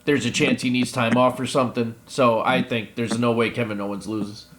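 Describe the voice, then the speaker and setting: A man's voice: medium pitch, level tone, moderate pace, a bit bright. Man hosting a wrestling podcast. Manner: laughs often, keeps the show moving. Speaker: podcast host. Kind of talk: casual chat. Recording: noisy podcast recording.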